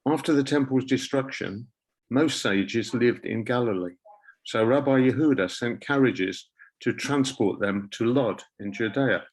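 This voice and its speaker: A man reading a translated text aloud in an even, measured way. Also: medium pitch, rough recording.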